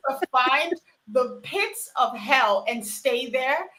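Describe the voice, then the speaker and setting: A woman's voice: high voice, lively intonation, slow pace, crowd noise, poor audio. A woman calling in to a live chat, ranting in a dramatic, exasperated way. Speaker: caller. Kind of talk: casual call-in chat.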